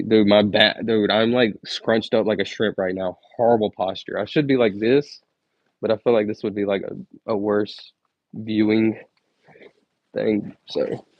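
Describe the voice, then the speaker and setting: A man's voice: on the low side, dry recording, highs cut off. A young man streaming, counting aloud and chatting to viewers in a laid-back way, saying "like" a lot, recorded on earbuds.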